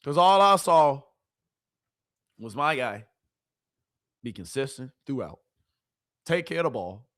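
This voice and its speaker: A woman streamer giving casual, animated sports commentary, full of rhetorical questions and slang. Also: rumbling low, slow pace, pauses often.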